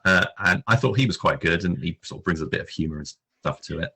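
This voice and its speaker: A man with a very low voice chats about films on a podcast. The tone is bright but husky, and he pauses often on "uh" and "um" as he works through what he wants to say. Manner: hesitant, many fillers, recalls cast trivia. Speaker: podcast co-host. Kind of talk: casual film review chat.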